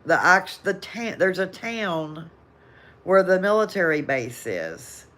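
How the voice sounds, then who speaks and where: A woman's voice: on the low side, big pitch swings, takes it slowly, fairly bright tone. An older woman with a Southern American accent, hosting a casual live chat and reading viewer comments, rambling and laughing often. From Southern United States. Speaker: livestream host.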